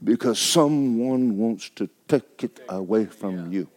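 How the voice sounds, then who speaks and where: A man's voice: fairly low pitch, slow, a little mellow. A middle-aged male pastor, preaching a sermon in a folksy, emphatic way and repeating phrases for effect.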